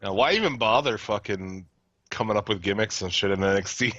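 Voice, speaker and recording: A man's voice: on the low side, expressive, brisk, a bit bright, dry recording, dull audio. A man co-hosting a live podcast in casual chat, blunt and profane, often laughing as he rants. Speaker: podcast co-host.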